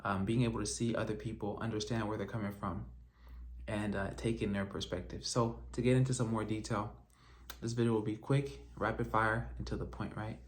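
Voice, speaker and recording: Low-voiced man, French first language. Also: level tone, brisk, a little hiss or hum. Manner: casual, repeats "right?", glances at notes. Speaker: doctor. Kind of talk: direct-to-camera advice talk.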